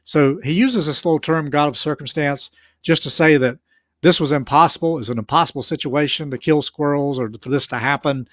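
A man's voice: fairly high pitch, fairly quick, dry recording. Man retelling a story, dull dry sound. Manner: retells a story in plain spoken terms, with restarts. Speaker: commentator on a recorded sermon. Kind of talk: explanatory commentary.

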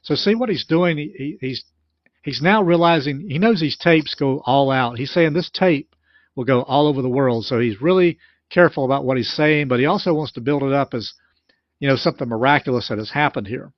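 A man's voice: mid-range voice, brisk, no echo, dull audio. A man who explains and retells a preacher's story in plain talk, with frequent restarts. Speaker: commentator on a recorded sermon. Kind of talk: explanatory commentary.

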